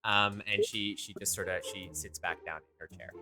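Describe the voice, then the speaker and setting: A woman's voice: rumbling low, fairly even intonation, a little fast, bright, forceful tone, soft background music. A woman narrating a tabletop game as game master, casual and loose with lots of fillers. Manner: casual, many fillers, laughs often.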